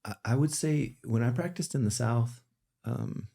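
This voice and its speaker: A man, a physician, talking candidly in a podcast conversation, relaxed with fillers but rising into emphatic, passionate points. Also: medium pitch, measured pace, vocal fry, breathy edge.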